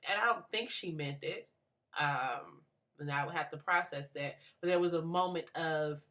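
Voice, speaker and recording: Low-pitched young woman, grad student, reflective and halting, many fillers. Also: bright, forceful tone. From Atlanta. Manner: thoughtful, many fillers and restarts. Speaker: graduate student. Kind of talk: reflective book response.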